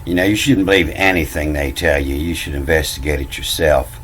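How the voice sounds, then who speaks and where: A man's voice: a bass voice, steady tone, brisk, a bit bright, a little hiss or hum, poor audio. A man casually explaining old words from scripture, meandering, often repeating himself and saying "you know.". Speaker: self-taught bible language commentator. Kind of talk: casual rambling explainer talk.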